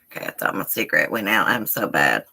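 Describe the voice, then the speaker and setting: Low-voiced chatty woman. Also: sing-song, quick pace, vocal fry, sharp tone, husky. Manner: chatty, rambling, addresses chat as y'all. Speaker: live-stream host. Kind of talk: casual live-stream chat. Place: indoors at home.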